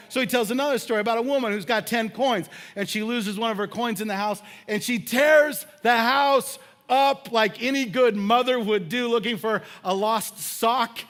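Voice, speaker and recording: A man preaching a sermon in a church, telling personal stories with lively acted-out moments. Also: sits high. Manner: animated storytelling, acts out scenes with shouts and laughs. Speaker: pastor. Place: church sanctuary.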